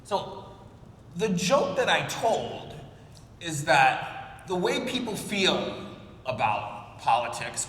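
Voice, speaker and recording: A man's voice: mid-range voice, pushed and bright, a little hiss or hum. A man giving a conference keynote, telling jokes and stories and calling people up from the audience. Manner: storytelling, jokey, works the crowd. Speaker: keynote speaker. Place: large conference hall. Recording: echoey hall from afar.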